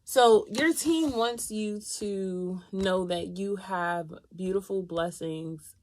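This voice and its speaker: Woman, tarot reader, chatty and expressive, mid-pitched, talks right to camera. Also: slow. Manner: chatty and expressive, laughing often, talks straight to viewers. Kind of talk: live tarot reading.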